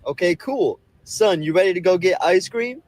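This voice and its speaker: Woman as a skit mom, lowish husky voice, teasing, matter-of-fact. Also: lively intonation, moderate pace, darkish tone. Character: mother of two kids in a skit.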